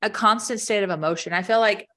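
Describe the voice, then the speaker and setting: A woman's voice: medium pitch, fast, pushed and bright. A woman in her thirties chatting casually about motherhood, rambling and saying "like" constantly. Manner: rambling, heavy use of "like". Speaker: podcast co-host. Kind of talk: casual chat.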